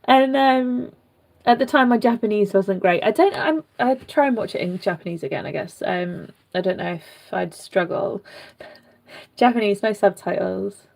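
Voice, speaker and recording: A woman's voice: mid-range voice, normal speed, vocal fry, a little mellow. A young British woman vlogger chatting casually and rambling, with many fillers and asides, while rerooting a doll. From Britain.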